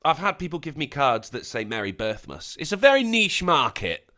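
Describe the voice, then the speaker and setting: An English man with a bright, sharp tone and a voice that swings wide in pitch, chatting casually on a live stream. He swears freely and throws in quick impressions when he retells a story. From England. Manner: animated, bursts into high put-on voices when quoting people. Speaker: co-host.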